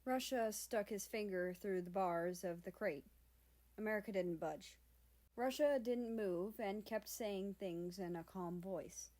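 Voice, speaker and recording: Woman narrating a fan story, mid pitch. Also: measured pace, a little mellow. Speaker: fan fiction reader.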